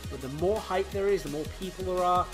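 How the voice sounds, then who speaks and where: A young man co-hosting in a casual, excitable, jokey chat. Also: sits high, fairly quick, soft background music. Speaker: co-host of a game league channel.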